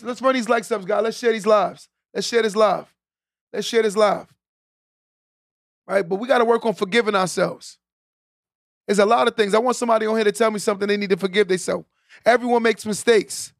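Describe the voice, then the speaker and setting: A man's voice: high-pitched, creaky, no room sound, clean studio sound. A man hosting a live stream, giving a preachy motivational talk to his viewers, repeating his key lines and often tagging them with "right?". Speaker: podcast host on a live stream.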